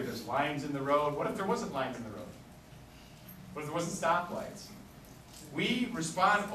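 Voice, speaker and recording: A man with a somewhat high voice gives a talk to an audience, weaving in stories and acting out what people said. He sounds like he is in a roomy lecture hall, picked up from a distance with a faint hiss underneath. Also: a bit bright. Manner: storytelling, acts out quoted dialogue. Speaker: symposium speaker. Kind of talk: conference talk with anecdotes. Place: lecture room. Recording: echoey room, distant mic.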